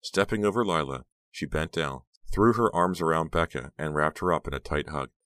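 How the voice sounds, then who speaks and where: A man narrating an audiobook in a measured storytelling manner. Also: very deep voice, fairly bright tone, no room sound. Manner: measured storytelling, voicing all characters. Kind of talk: scripted narration.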